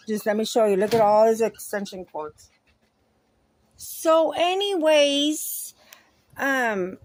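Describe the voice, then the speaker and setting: Middle-aged woman, high voice, rambling profane vlogger venting about her day. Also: darkish tone. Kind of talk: casual ranting vlog.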